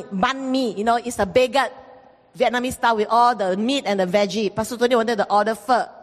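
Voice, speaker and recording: A woman pastor preaching a sermon, telling stories in an animated way and acting out the voices in them. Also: high-pitched. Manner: animated storytelling, acts out quoted voices, repeats phrases. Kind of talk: sermon with storytelling. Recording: long reverb from a hall.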